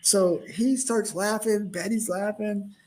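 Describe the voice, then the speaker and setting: A middle-aged man spins a long casual story, his voice sitting a little higher than most men's. He talks in an animated way and slips into the voices of the people he describes. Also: slow, slight background noise. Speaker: host, product owner.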